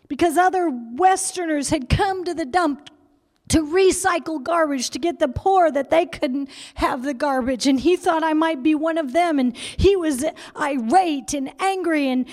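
A woman preacher telling a story in an emotional sermon, stammering repetitions and dipping into whispers. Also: high-pitched.

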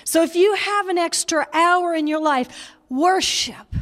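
A woman's voice: very high voice, a little slow, fairly bright tone. A woman preaching a sermon in a small room, talking in an emotional, conversational way and often laughing. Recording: long hall reverb.

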